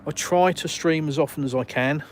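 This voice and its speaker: A man's voice: on the high side, normal speed, a little hiss or hum. An Englishman live-streaming from his phone while walking around outdoors, reading viewer comments in a blunt, outspoken way and swearing casually. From England.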